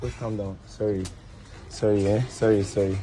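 A man's voice: fairly low pitch, little pitch movement, moderate pace, mellow, some chatter behind, slight background noise, low-quality recording. A man with a Nigerian accent hosting a prank video outdoors, repeating himself in an apologetic, soothing way and laughing often. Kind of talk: casual prank banter.

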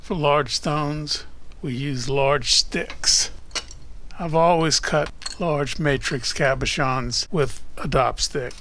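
A man hosting a casual how-to video, talking in a jokey, deliberate way. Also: fairly high pitch, a bit bright, slight background noise. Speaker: opal cutter and channel host. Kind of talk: casual instructional vlog.

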